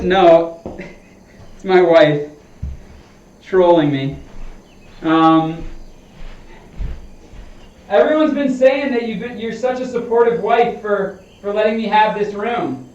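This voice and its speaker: High-voiced man in a roomy simulator room. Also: lively intonation, slow, pauses often, a little mellow. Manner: explains his swing feel to chat, talking to himself between shots. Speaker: golf streamer. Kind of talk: casual live-stream chat while practicing. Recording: roomy dull sound, mic at a distance.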